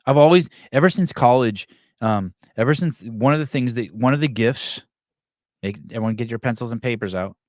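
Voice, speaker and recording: A man's voice: mid-range voice, brisk, darkish tone, no echo, studio quality. A man hosting a podcast, chatting casually in a crude, joking way and laughing often. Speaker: podcast host.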